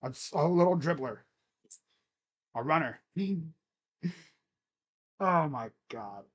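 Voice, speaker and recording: A man doing excitable live play-by-play as a fan, cheering, chanting and grumbling at his team. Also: a little high, slow, muffled recording. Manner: animated, cheering and chanting, swings to muttered grumbling. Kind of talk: excited live game commentary.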